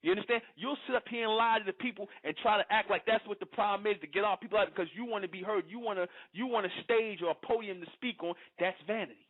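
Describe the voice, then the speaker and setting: A man talks at his listeners in a long, preachy monologue. He pushes his points hard and keeps asking if they understand. His voice sits high and comes through thin and tinny, like a phone line. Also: quick pace, hardly any pauses. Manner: confrontational, repeats "you understand?". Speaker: online speaker addressing followers. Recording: phone-like lo-fi audio.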